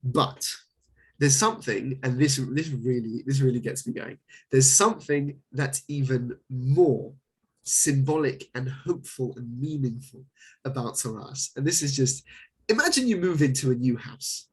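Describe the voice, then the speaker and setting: Animated husky-voiced rabbi. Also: male voice, medium pitch, unhurried. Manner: animated, joking, exclamatory. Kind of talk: Torah class.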